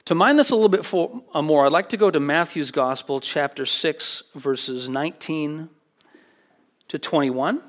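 A man's voice: on the high side, moderate pace. A man preaching a sermon as a pastor, earnest and emphatic, often repeating phrases for weight.

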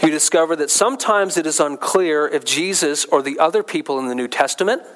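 A man's voice: on the high side, fairly bright tone, low-quality recording. A male pastor giving a conversational sermon, repeating key phrases for emphasis.

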